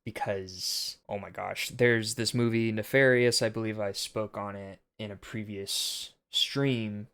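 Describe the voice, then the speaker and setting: A man's voice: on the low side, fairly even intonation, measured pace, few pauses, a bit bright, clear, resonant tone. A young man hosting a casual film commentary monologue, earnest and preachy with a rambling delivery.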